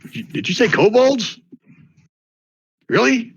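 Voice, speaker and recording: A man playing an excitable old country geezer. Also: measured pace, vocal fry, breathy edge, full character voice. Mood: gossipy, incredulous. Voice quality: odd drawling accent, folksy. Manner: excitable, questions shoot up in pitch. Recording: dull lo-fi dry mic.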